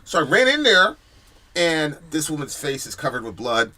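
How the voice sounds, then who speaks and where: A man from New York telling a story in casual chat, animated, acting out what people shouted. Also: fairly high pitch, normal speed. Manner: animated storyteller, shouts quoted lines, swears. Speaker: co-host.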